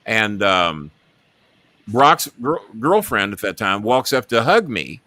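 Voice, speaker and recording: A man's voice: on the low side, sing-song, takes it slowly, pushed and bright, no echo. A middle-aged man hosting a talk show, telling a long story and acting out the quotes in it.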